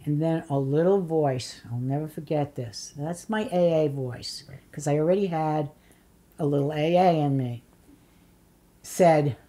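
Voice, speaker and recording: A woman's voice: deep voice, a little slow, dark tone. An older woman in an oral history interview, telling blunt, funny stories and acting out what people said. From Polish immigrant family. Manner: blunt storyteller, acts out voices and curses.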